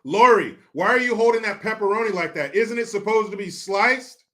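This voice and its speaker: Man, high voice, sarcastic profane rant, mocking commentary host. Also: expressive, moderate pace, fairly bright tone. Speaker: show host. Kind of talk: ranting political commentary.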